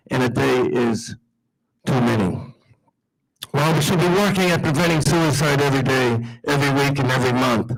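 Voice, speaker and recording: A man, a veterans' group leader, giving a measured, earnest prepared speech at a breakfast event. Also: mid-range voice, poor audio.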